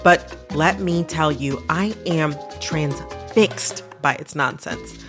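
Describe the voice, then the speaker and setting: A woman hosting an interview podcast, lively and engaged with her guest. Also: low voice, slow pace, over music. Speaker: podcast host.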